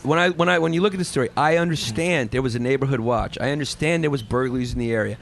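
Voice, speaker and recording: A man's voice: mid-range voice, quick pace, gravelly, soft background music. A man in a casual panel chat as a guest, asking questions and cutting in. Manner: questioning, interjecting.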